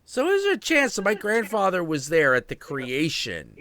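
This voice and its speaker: A man hosting a casual stream chat, with a bright, forceful voice. His pitch swings widely as he tells stories, swearing freely and often. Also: normal speed. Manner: animated, profane storyteller. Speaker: host.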